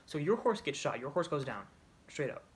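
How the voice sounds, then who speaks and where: A man's voice: on the high side, big pitch swings, moderate pace. A man casually retelling a video game story, rambling, restarting and correcting himself as he goes. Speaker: video creator.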